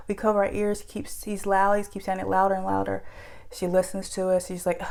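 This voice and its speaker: A woman's voice: medium pitch, monotone, fast talker, creaky, darkish tone. A woman telling her own true ghost story in a vivid present-tense retelling, with casual fillers. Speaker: eyewitness storyteller.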